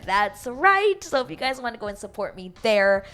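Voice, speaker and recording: A woman casually recapping a reality show, animated and swearing freely as she acts out quotes. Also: medium pitch, quick pace.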